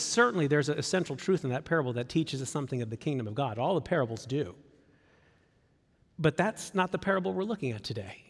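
Guy preaching in a church, high lively voice, chatty, big hall echo. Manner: conversational, animated, acts out quoted voices. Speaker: pastor. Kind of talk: sermon.

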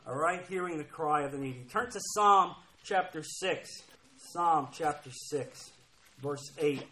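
A man's voice: sits high, lively intonation, a little slow, fairly bright tone, low-quality recording. A man preaching a sermon, emphatic and repeating key phrases as he reads scripture aloud. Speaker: pastor.

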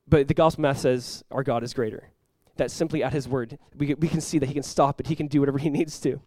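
A male pastor preaching a sermon with lots of energy, acting out quoted voices with big jumps in pitch and volume. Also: steady tone, quick pace, mellow, no room sound.

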